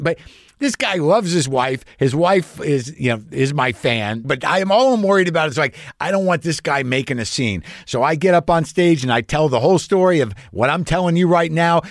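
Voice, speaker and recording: A man's voice: a little high, lively intonation, a little fast, dry recording, clean studio sound. A man hosting a podcast, telling a long story in a profane, rambling, self-questioning way. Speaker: podcast host. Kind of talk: storytelling monologue.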